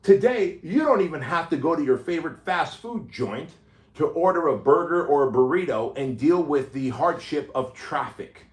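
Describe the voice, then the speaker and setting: A man's voice: on the high side, animated, moderate pace, distant mic. A man giving an emphatic, punchy motivational talk, driving his points home with repeated lists. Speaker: motivational speaker. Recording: roomy echo, faint noise.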